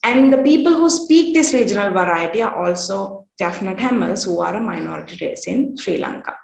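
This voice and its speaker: A woman giving an academic workshop presentation at a conference. She speaks in a measured way, often pausing on "uh" and "um". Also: medium pitch, expressive, gravelly, darkish tone. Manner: measured, with frequent "uh" pauses. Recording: roomy echo.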